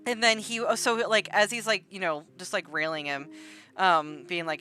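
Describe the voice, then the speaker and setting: A woman's voice: fairly low pitch, moderate pace, bright, forceful tone, faint music behind. A woman hosting an art livestream, casually retelling online drama in a rambling way full of "like" and "um". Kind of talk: casual gossip storytelling.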